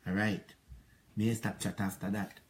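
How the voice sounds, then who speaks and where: Low-pitched, flat, and a little slow, a middle-aged Jamaican man recounts a former relationship. The telling wanders and carries a sense of grievance, with patois running through it.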